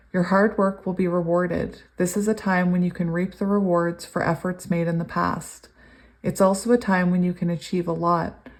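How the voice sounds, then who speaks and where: Woman tarot reader, lowish voice, gushing and giggly, reads card messages in steady cadence. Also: gravelly. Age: adult, long sober. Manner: excitable, gushing, laughs often. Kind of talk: pick-a-card tarot reading.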